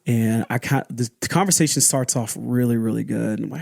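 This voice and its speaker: A young adult man hosting a podcast, telling a personal story in a candid, halting way, often restarting and acting out what people said. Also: mid-range voice, creaky, a little mellow, no echo, clean studio sound. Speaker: podcast host.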